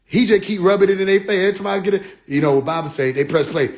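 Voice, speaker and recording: A man with a notably high voice tells a story as a comedic rant. He is animated and profane, and his delivery is loose and full of slang. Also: racing, few pauses, very noisy. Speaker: vlogger.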